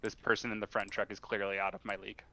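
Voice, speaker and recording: A man's voice: lowish voice, flat delivery, fast, pushed and bright, a little hiss or hum. A man playing in a tabletop role-playing game, talking casually and laughing easily. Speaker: player. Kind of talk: tabletop role-play talk.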